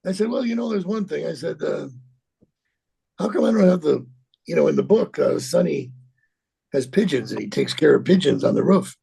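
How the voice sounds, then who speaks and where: An actor in his sixties telling a rambling, profane story in an interview, halting and repeating himself. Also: fairly high pitch, animated, mellow. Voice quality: gravelly, husky.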